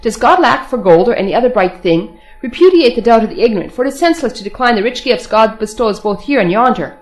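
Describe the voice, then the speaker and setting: A woman's voice: a little high, expressive, fast, lightly acted. A woman reading the lines of a group of proud men preaching to captives, insistent and full of rhetorical questions.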